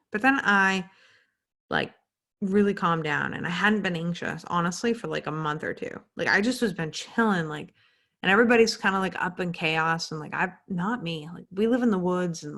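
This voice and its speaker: Young woman podcast host, slightly low voice, loose candid chat, swears freely. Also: fairly bright tone. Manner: chatty, many "like" fillers, candid and swearing. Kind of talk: casual solo podcast monologue. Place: home at night.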